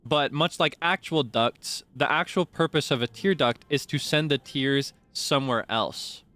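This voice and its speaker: Chatting casually with his livestream audience, a man teases viewers and tosses out trivia in a playful way. His voice is mid-range with a sharp tone, and he speaks unhurriedly.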